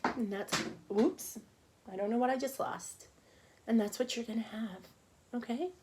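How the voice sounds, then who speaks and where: A woman's voice: a little high, moderate pace, a little hiss or hum. A middle-aged woman teaching an online cupcake decorating class, chatting casually and talking to herself as she works. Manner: chatty, talks to herself while working, soft murmurs.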